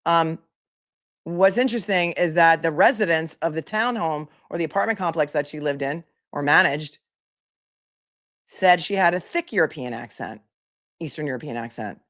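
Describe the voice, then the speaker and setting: A woman's voice: sits low, normal speed, a bit bright. A woman attorney giving casual commentary, chatty and incredulous, reading posts aloud. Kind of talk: casual commentary on a legal case.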